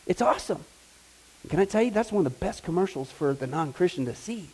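A man preaching a sermon in a lively, conversational way, often checking in with his listeners and breaking into excited exclamations. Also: sits high, a little fast, slightly rough, low-quality recording. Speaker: pastor.

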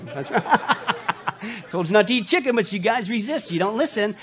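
A man preaching a sermon, joking with the congregation, reading funny lines aloud, laughing and shouting now and then. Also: high voice, very animated, a little fast. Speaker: pastor. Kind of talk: humorous sermon.

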